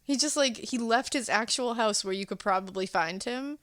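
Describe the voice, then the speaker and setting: A woman co-hosting a podcast, recapping a film in a casual, animated way and acting out the characters' lines. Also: a little high, moderate pace, no echo. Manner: animated, laughing, acting out quotes. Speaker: podcast co-host.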